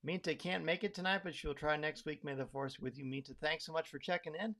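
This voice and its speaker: A man's voice: a little high, fairly even intonation, a little fast, a bit bright. A man hosting a live podcast, upbeat and chatty, greeting viewers by name as they arrive. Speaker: podcast host.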